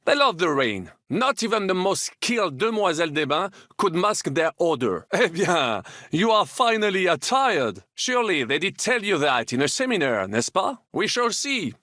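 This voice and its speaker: A flamboyant French knight. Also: male voice, high-pitched, big pitch swings, moderate pace, hardly any pauses, pushed and bright, dry recording, clean studio sound, full character voice. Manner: theatrical, boastful, peppered with French phrases. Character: flamboyant optimistic French knight, adult man. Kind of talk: video game voice lines.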